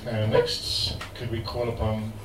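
A man's voice: lowish voice, monotone, unhurried, very noisy. A man hosting a live poetry reading, briefly and courteously calling up the next readers. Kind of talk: introducing readers. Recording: distant voice in a loud, echoey crowded room.

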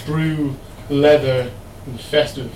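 A man reads at an open mic, chatty in his asides and measured in his recitation. His voice is a little high for a man and sounds distant in a roomy, noisy venue. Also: fairly even intonation. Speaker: poet reading at an open mic. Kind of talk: live poetry reading with casual asides.

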